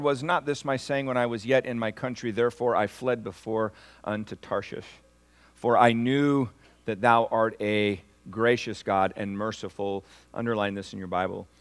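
A man preaching a sermon as pastor, asking the congregation for responses and swinging from hushed, slow lines to loud, rising ones. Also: on the low side.

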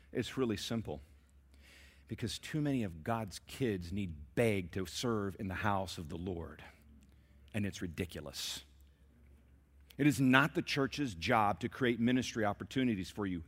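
A middle-aged man preaching a sermon in church, emphatic and repetitive, building to shouts. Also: lowish voice, moderate pace. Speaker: pastor. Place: church sanctuary, live service.

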